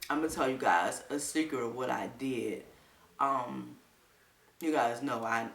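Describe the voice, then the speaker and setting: A woman chatting to her viewers in a casual, animated storytelling style, quoting people in livelier voices. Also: very deep voice, vocal fry, reverberant, recorded from a distance. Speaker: vlogger.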